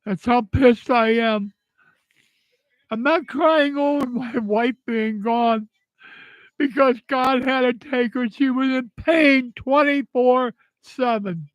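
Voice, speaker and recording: An older man talking through tears in a halting, repetitive way, angry and grieving. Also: extremely high pitch, dry recording, highs cut off. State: tearful. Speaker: vlogger. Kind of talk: emotional personal monologue.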